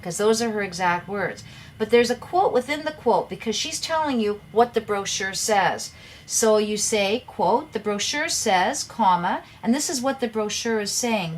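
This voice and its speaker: A middle-aged woman with a medium-pitched voice teaches an English grammar lesson. She explains things patiently, sometimes repeating words as she goes.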